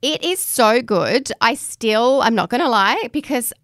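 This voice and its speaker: A woman's voice: fairly high pitch, lively intonation, a little slow, a bit bright, no room sound, studio quality. An Australian woman in her thirties co-hosting a podcast, chatting casually and laughing at herself. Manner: chatty, laughing, self-mocking. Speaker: podcast co-host. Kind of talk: casual chat.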